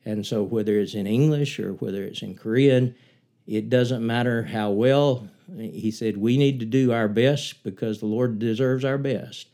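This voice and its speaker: Older man telling a Bible story, mellow voice. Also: measured pace. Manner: earnest, rising in pitch and force as he retells the story. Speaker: former missionary preacher. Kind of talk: reflective talk and Bible storytelling.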